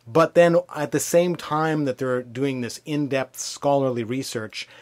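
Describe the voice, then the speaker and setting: A man's voice: medium pitch, fairly even intonation, a little slow. A middle-aged man hosting a podcast, prompting with brief questions in casual chat. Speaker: podcast host.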